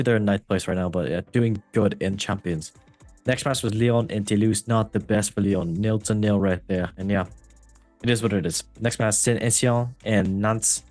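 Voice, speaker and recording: A man's voice: on the low side, darkish tone. A man hosting a casual football podcast who reads results in an upbeat, breezy way and often falls back on stock phrases. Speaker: host.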